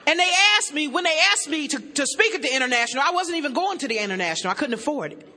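A woman giving a humorous testimony to an audience as a recovery meeting speaker, animated and joking with bursts of shouting. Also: sits high, very fast. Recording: echoey hall.

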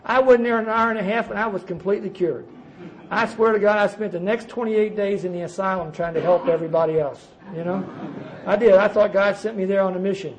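Man, middle-aged, high voice, self-mocking recovery storyteller. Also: steady tone, fairly quick, highs cut off, slight background noise. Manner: folksy, self-mocking, addresses listeners as guys. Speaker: recovery speaker sharing his story. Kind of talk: storytelling talk to a recovery meeting.

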